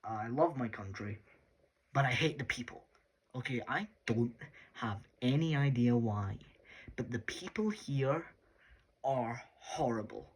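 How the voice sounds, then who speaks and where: Scottish male vlogger, husky mid-range voice, loose rambling delivery. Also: medium pitch. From Scotland. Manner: rambling, chatty, lots of fillers. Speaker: YouTuber. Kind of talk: casual vlog talk.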